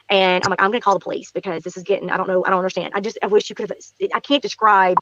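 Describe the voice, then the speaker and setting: A woman's voice: medium pitch, very fast, hardly any pauses, no room sound, lo-fi sound. A woman telling a story in casual talk, acting out what people said and repeating phrases for emphasis. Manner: animated, acts out quotes, repeats herself. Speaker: guest recounting neighborhood encounter.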